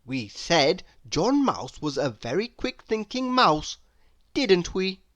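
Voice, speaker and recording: Casting: bright-voiced woman, story reader for kids, dry close recording. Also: on the low side, no room sound. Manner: slow, expressive, asks the listener questions. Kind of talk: children's storybook read-aloud.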